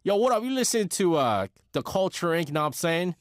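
A swaggering young street-kid DJ with a thick New York accent, as a man puts him on, pitched up and bouncing all over with slangy, hyped patter. It is recorded dry and close, with no room around it. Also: big pitch swings, brisk, no room sound.

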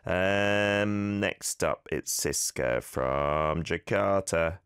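A man hosting a casual radio language lesson from a studio, animated as he corrects pronunciation with repeated examples. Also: low-pitched, extremely slow, vocal fry, smooth, no room sound. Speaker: radio host teaching Korean.

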